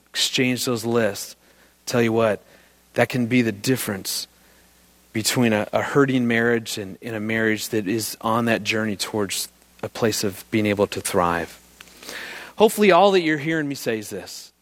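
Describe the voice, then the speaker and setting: A middle-aged man giving a presentation on marriage, telling stories with energy and asking the audience questions. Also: mid-range voice. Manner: animated storyteller who quizzes the audience. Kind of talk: live talk to an audience.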